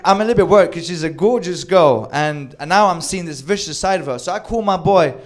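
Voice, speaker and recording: A man telling a wild personal story with animated delivery, acting out quoted lines and swearing freely. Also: high-pitched, fairly quick. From Sweden. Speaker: storyteller on a comedy show. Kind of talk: live comedic storytelling.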